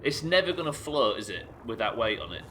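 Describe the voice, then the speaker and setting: A young man commenting live on his own gameplay, his fairly low voice swinging up and down as he jokes, swears and teases his viewers. The tone is bright and forceful, with a faint hiss of noise underneath. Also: brisk. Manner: animated, sweary, self-mocking banter. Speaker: streamer playing a building game.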